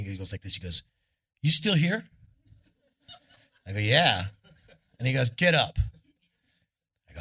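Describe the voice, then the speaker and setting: A man, a rock musician guest on a live club stage, telling a rambling, profane story and acting out the people in it. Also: on the low side. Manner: animated, swearing, acts out the people in his story.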